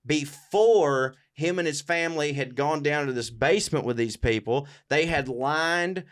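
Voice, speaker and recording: A man with a slightly high voice rambles through an absurd, made-up history tale on a comedy podcast. He talks loosely and profanely, keeps checking in with his co-host, and now and then slips into goofy character voices. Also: measured pace, a bit bright. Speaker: podcast co-host telling a comic story. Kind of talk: improvised comedic storytelling.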